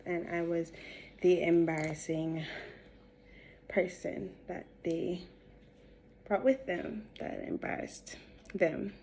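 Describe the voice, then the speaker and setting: Low-pitched and dark in tone, a young woman with a Jamaican accent chats and rambles through a story as she does her makeup for her vlog. A beauty vlogger, she laughs between sentences, with a little hiss or hum audible.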